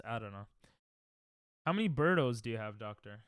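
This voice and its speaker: A man's voice: medium pitch, expressive, moderate pace, long pauses, fairly bright tone, clean tone, no echo, clean studio sound. A man streaming a speedrun, chatting casually and joking with chat, laughing often.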